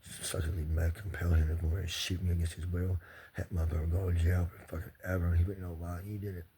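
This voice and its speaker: A man's voice: low voice, level tone, quick pace, mellow, slight background noise. A man ranting in an agitated, profane and rambling way, speaking straight to the camera as a vlogger. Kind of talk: angry personal rant.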